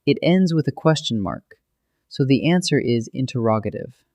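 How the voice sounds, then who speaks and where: Male narrator for a scripted school lesson; patient, clear explainer, recorded dry. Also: medium pitch, lively intonation, normal speed, darkish tone, no echo. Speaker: grammar teacher.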